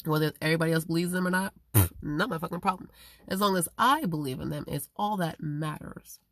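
A woman in a rambling, profane casual monologue, swinging between loud emphatic outbursts and low muttering. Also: brisk, no echo, clean studio sound.

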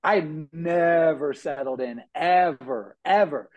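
A man telling his life story as a guest on an interview podcast, animated, acting out quotes with lots of fillers. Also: fairly high pitch, slow, lo-fi sound.

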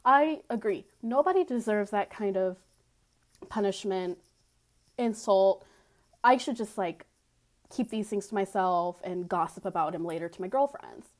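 A young woman hosts a podcast and tells a personal story in a confessional monologue, blunt and candid, full of fillers and casual swearing. Her voice sits at medium pitch with lively intonation and a slightly slow pace.

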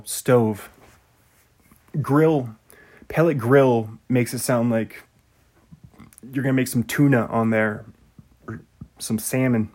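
A man hosting a casual solo podcast, rambling and easily sidetracked, laughing at himself. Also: mid-range voice.

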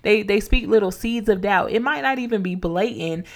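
This is a woman hosting a faith-based motivational podcast in a relaxed, conversational way. She keeps turning to her listeners as friends, repeating her main points like a preacher. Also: medium pitch, normal speed. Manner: casual, encouraging, preacher-like repetition, addresses listeners as y'all. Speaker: podcast host.

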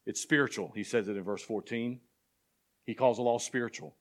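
Speaking a little fast at medium pitch, a pastor delivers a sermon to his church. He asks the congregation call-and-response questions and mounts to emphatic passages as his intensity grows.

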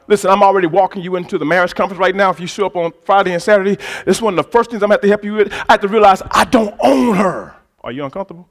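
A high-pitched man preaches to his congregation, dropping into easy, chatty asides and then building to shouted, emphatic passages. He keeps calling on the crowd to answer back. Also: animated, quick pace. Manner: swings from quiet conversational asides to loud shouted preaching; talks directly to the congregation with call-and-response prompts. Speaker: pastor. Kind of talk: sermon.

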